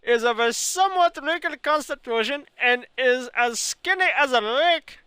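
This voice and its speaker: A man's voice: very high voice, lively intonation, normal speed, sharp tone, clear, resonant tone, dry recording, voice pushed up, full character voice. A man reading a newspaper notice aloud in a put-on, exaggerated Indian accent with a sing-song, pompous delivery. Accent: mock Indian.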